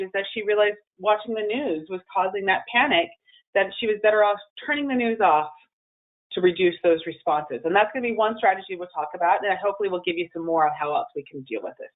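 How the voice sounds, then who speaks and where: Over phone-line audio, a woman with a mid-range voice speaks briskly while giving a webinar presentation on emotional well-being. Her style is conversational, with fillers and restarts.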